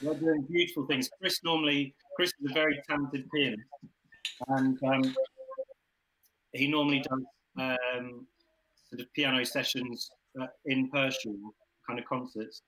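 An English man with a bright, forward voice chats casually on a home livestream. He rambles and hesitates, filling his pauses with ums as he sends greetings to friends. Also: mid-range voice, flat delivery, rough recording. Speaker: folk group member. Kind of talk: casual chat.

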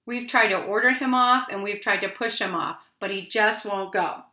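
A woman's voice: mid-range voice, normal speed, bright, forceful tone, reverberant, lightly acted. A woman voicing a fed-up male warthog who complains about a hippo in a storybook reading. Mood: grumbling.

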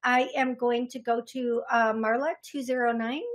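A woman's voice: fairly high pitch, fairly even intonation, moderate pace. A woman hosting a call-in radio show as a psychic medium. She rambles, laughs at herself and repeats key phrases for emphasis. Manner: chatty, rambling, self-deprecating.

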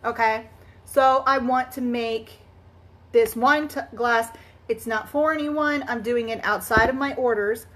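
A chatty woman with a high voice hosts a live crafting stream. She greets her viewers one by one and laughs easily as she talks. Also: steady tone, a little slow, fairly bright tone. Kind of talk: casual live-stream chat while crafting.

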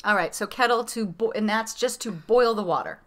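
A woman's voice: medium pitch, normal speed, dry recording. A woman hosting a podcast, chatting casually with plenty of fillers and restarts. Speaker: podcast host. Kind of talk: casual chat.

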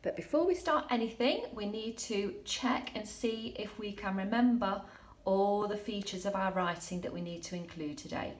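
A woman teaching a recorded lesson to young children, speaking slowly and clearly, reading her examples aloud with drama. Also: medium pitch. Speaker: primary school teacher. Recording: echoey room.

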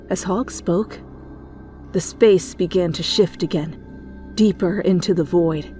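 A woman narrating a fanfiction reading as a whispered role-play, in hushed, deliberate storytelling. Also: fairly low pitch, faint music behind. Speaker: fanfiction reader.

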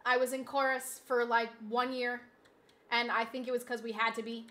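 A woman game streamer chats casually with her viewers, teasing and joking as she reacts to the match. Her voice sits high and sounds bright and sharp, with a playful edge. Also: little pitch movement. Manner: playful, joking banter with chat, quick reactions to gameplay. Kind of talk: casual live-stream gaming chat.

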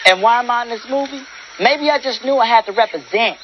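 An actor playing a brash, boastful young soldier in a war comedy film, talking in a mocking, cocky way. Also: male voice, very high voice, a little fast, dull audio, slight background noise.

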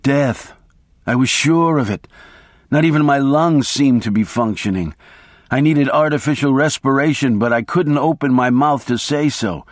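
A man reads a novel aloud in the first person at a measured, steady pace. His voice sits at an ordinary middle pitch, and the recording is close and dry. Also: no echo. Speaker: audiobook narrator. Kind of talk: first-person audiobook narration.

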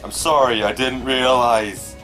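A man giving casual let's play commentary, swearing and yelling at the game. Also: mid-range voice, fairly even intonation, unhurried. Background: faint game music.

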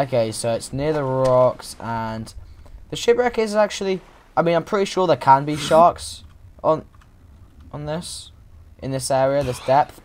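A man's voice: medium pitch, darkish tone, a little hiss or hum. A young man chatting casually and playfully as he plays a survival game, rambling and restarting his sentences. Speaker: gaming YouTuber. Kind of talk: casual let's-play commentary.

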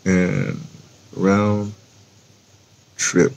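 A man's voice: deep voice, sing-song, drawn-out words, creaky, darkish tone. A man with a New York accent talking casually and rambling to camera in a vlog, thinking aloud as he types a post. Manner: chatty, self-talk while typing a post, spells words aloud. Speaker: vlogger.

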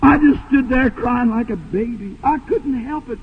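A man preaching a sermon, telling a story with fervor and sometimes breaking into shouts. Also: very high voice, moderate pace, slight background noise. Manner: fervent, rises to shouts. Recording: tinny old tape in a hall.

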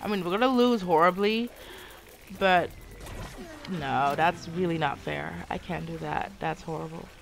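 A young woman commentating her live game stream, muttering quietly and then yelling at teammates. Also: lowish voice, a little slow, creaky, slight background noise. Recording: game music behind voice.

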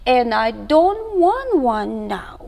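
A woman's voice: fairly high pitch, big pitch swings, slow pace, creaky, darkish tone, in a large hall, pitched below the performer's own voice, exaggerated voice. A woman voicing a grumpy big-brother animal cub in a children's story, speaking crossly. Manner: stomping, cross, exasperated.

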